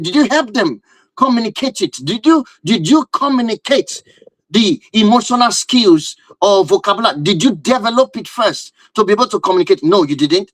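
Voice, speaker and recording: A man's voice: high-pitched, dry recording, low-quality recording. A man giving a live-stream talk on relationships and marriage, emphatic and driving his points home with repeated rhetorical questions.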